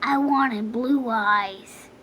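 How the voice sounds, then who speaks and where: A woman's voice: high voice, expressive, slow pace, gravelly, a little hiss or hum, full character voice. A woman doing a roaring, grumpy fire-breathing dragon. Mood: grumbling. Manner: roaring and grumbling.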